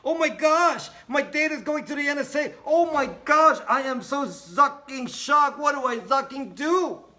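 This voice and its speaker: A man's voice: extremely high pitch, a little slow, pushed and bright, pitched above the performer's own voice, heavily acted. A man mockingly voicing a melodramatic young woman who gasps in overdone panic. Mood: mock panic.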